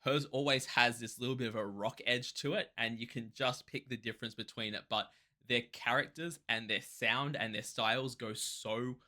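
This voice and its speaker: A man from Australia hosting a music reaction channel, talking in an excitable, rambling way with quick restarts. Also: mid-range voice. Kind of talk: casual reaction commentary.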